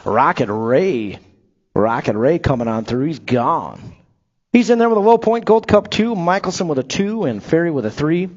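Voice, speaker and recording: Brief: male track announcer, higher-pitched, upbeat race calls with jokey asides, dull lo-fi PA sound. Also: big pitch swings, moderate pace, darkish tone. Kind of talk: live BMX race commentary. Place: outdoor BMX track over a PA.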